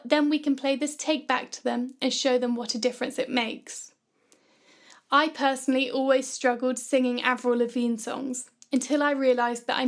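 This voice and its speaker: A woman narrating a scripted music production tutorial in a calm, clear, instructive way. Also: high-pitched.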